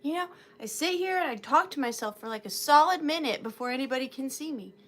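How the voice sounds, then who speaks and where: A woman's voice: high voice, expressive, fast talker, a bit bright. A woman hosting an antique and vintage live sale, chatting casually and greeting viewers by name in a chatty, self-deprecating way.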